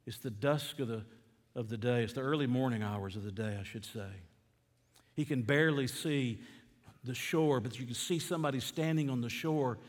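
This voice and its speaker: A male pastor preaches a sermon, reading scripture and asking the listeners questions, getting loud and then dropping low and quiet. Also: moderate pace. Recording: long reverb of a church hall.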